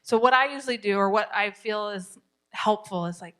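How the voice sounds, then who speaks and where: Woman, middle-aged, warm chatty class leader, laughs easily and acts out quotes, medium pitch. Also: fairly quick, smooth. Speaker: parenting class teacher. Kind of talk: teaching a class to a live group. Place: church meeting room.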